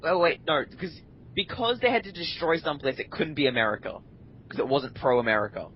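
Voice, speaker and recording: A man's voice: fairly high pitch, fairly quick, dull audio, slight background noise. A man co-hosting a casual gaming podcast, rambling and complaining animatedly. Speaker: podcast co-host.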